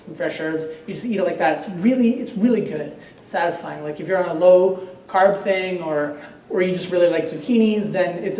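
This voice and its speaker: A man's voice: a little high, darkish tone. A man giving a chatty, joking live cooking demonstration to an audience, heard from a distance in an echoey hall. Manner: chatty, joking, lots of fillers. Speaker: chef giving a cooking demo. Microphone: far from the mic. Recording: echoey hall, distant mic, faint noise.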